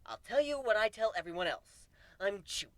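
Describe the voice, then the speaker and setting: A man giving a dramatic first-person reading of a story, swinging from deadpan asides to animated outbursts. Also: high voice, a little fast, no echo. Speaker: narrator.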